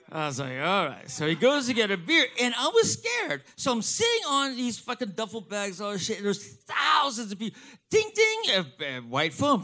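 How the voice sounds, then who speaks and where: High, lively, profane storytelling man. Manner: profane, animated, excitable storyteller. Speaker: comedian. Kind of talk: stand-up storytelling.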